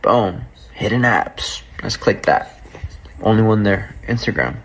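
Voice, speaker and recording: Gravelly low-voiced man telling a story. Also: measured pace, crowd noise, low-quality recording. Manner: profane, animated, acts out quoted dialogue. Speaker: storyteller recounting a breakup. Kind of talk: casual storytelling.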